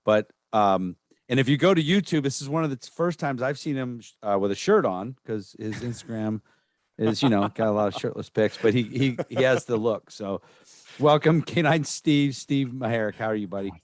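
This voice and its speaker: A man co-hosting a podcast, introducing a guest in relaxed, rambling chat. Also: medium pitch, moderate pace, no room sound, studio quality. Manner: relaxed, rambling, many "uh" and "um" fillers. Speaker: podcast co-host. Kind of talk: casual chat.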